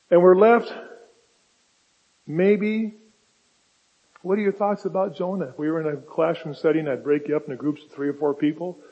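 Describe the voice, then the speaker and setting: Husky-voiced pastor preaching in a hall. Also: male voice, fairly high pitch, muffled recording. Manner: conversational, emphatic rhetorical questions. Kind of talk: sermon. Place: church sanctuary.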